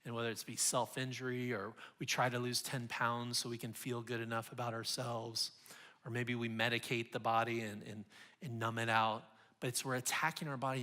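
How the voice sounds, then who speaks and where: A man's voice: medium pitch, flat delivery, fairly quick, bright, forceful tone. A man in his forties giving a sermon as a guest speaker, earnest and confessional, often restarting his sentences.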